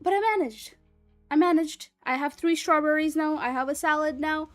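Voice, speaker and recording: A woman's voice: sits high, moderate pace, no room sound, soft background music. A woman streamer in casual livestream chat, rambling and chatty and swearing freely.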